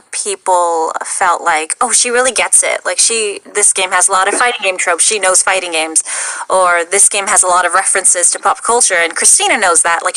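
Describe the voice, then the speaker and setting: A woman's voice: medium pitch, bright, forceful tone, low-quality recording. A young woman voice actor and director chatting casually in an interview, self-deprecating and full of fillers.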